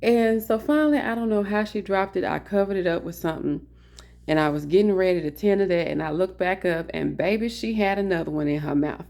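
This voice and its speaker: A woman vlogger telling a funny story in a casual, animated way, calling her viewers "honey" as she talks from an indoor office. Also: fairly low pitch, a little fast, vocal fry.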